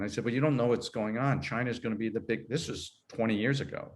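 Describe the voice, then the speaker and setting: In a casual interview, the guest, an HR consultant in his sixties, talks fast in a mid-range voice. His account of his career rambles, he keeps correcting himself, and laughter comes to him easily.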